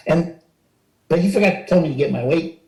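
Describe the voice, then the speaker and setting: A man in his sixties, an interview guest, telling stories in a lively, animated way and jumping higher when he acts out what was said. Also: brisk. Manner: animated storyteller, acts out quotes with rising pitch. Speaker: interview guest, retired wrestler. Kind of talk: casual storytelling interview. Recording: roomy echo.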